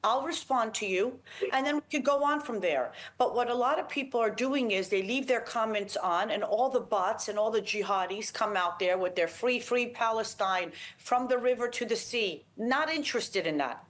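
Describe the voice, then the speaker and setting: A woman's voice: fairly high pitch, normal speed, few pauses. A woman giving an interview, talking in a blunt, combative, emphatic way. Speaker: interview guest.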